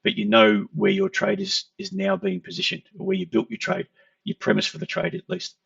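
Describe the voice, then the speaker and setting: With a gravelly, fairly bright, high voice that swings widely in pitch, a trading educator moves fairly quickly through his charts. He keeps it conversational and explanatory, checking in with "okay" again and again. No room sound, but the audio is dull, lo-fi, and distant.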